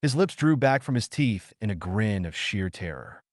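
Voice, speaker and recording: Low-voiced man narrating a dark tale. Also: very animated, dry recording, clean studio sound. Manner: measured, suspenseful storytelling. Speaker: audiobook narrator. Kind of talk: dramatic audiobook narration.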